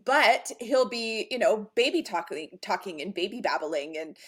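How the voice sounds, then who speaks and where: A woman in her thirties in casual conversation, animated and quick to laugh, acting out her kids' voices. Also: medium pitch, husky. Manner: animated, laughs often, acts out her kids. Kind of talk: casual chat.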